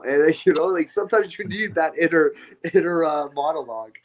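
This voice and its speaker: A man who wrestles, chatting as a podcast guest and telling stories in an animated, casual way. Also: on the high side, fairly quick. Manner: animated storyteller, swears lightly. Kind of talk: casual chat.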